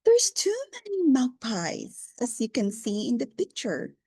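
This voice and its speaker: A woman teaching an English lesson to a young learner, speaking slowly, repeating words and praising often. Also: on the high side, wildly swooping pitch, mellow, breathy edge, no room sound, clean studio sound.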